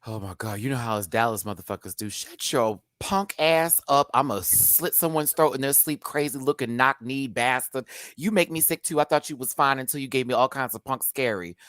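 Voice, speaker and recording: A man co-hosting a live TV review, talking casually and theatrically, jumping from low murmurs to shrieked punchlines. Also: fairly quick, a bit bright, no room sound, clean studio sound. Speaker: co-host of a live review show.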